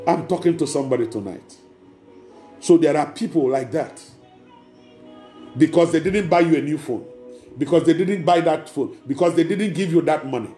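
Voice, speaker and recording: Male preacher, fairly high yet mellow voice, emphatic repetitive sermon, echoey hall with faint music behind. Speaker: pastor.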